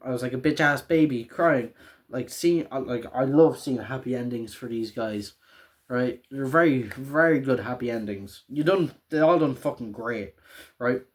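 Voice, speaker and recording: A young man, casually recapping a show in a rambling, excitable way with a lot of swearing and laughter. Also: mid-range voice, moderate pace.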